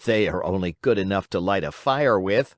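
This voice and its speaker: A man's voice: deep voice, expressive, moderate pace, no echo, studio quality. A man voicing a sensible little boy who speaks in a matter-of-fact, scornful way.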